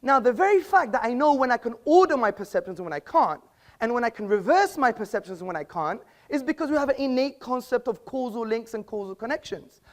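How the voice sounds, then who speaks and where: A man's voice: very high voice, lively intonation, fast talker. A man giving a formal debate speech in an auditorium, lecturing and argumentative, with rhetorical questions.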